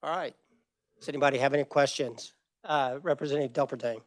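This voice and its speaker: A man chairing a legislative committee hearing in a brisk, procedural way, speaking into a table microphone in a committee room. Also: mid-range voice, fairly even intonation.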